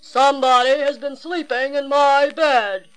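A woman voicing a big gruff father bear in a storybook reading, rough and stern. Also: high-pitched, steady tone, unhurried, low-quality recording. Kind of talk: storybook read-aloud.

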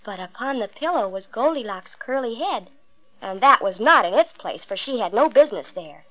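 A woman reading a fairy tale aloud with expressive, emphatic storytelling. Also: medium pitch, normal speed, slight background noise, poor audio.

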